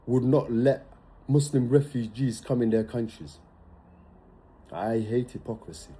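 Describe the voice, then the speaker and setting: Dark, husky man in a ranting monologue. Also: mid-range voice. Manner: emphatic, repetitive, ranting. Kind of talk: opinionated monologue.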